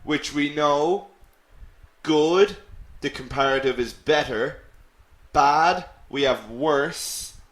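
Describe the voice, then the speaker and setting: A man teaching a live online English lesson, repeating example words slowly and clearly for his learners. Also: fairly high pitch, a bit bright. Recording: echoey room.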